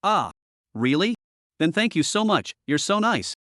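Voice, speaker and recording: A man's voice: a little high, very animated, unhurried, a bit bright, no room sound, clean studio sound. A man voicing a vain, scheming young woman who talks in a whiny, pleading way. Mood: fawning.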